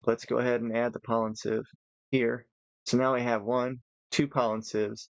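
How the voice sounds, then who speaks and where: A man's voice: medium pitch, little pitch movement, normal speed, vocal fry, no room sound, highs cut off. A tired man giving casual, rambling commentary while playing a modded building game, thinking aloud as he goes. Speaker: gaming channel host.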